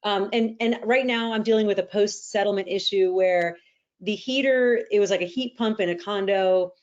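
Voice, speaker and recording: Female host, mid-pitched voice, earnest and practical, casual talk, a bit lo-fi. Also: moderate pace, a little mellow. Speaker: real estate agent and podcast host. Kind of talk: casual podcast conversation. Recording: slightly dull lo-fi audio.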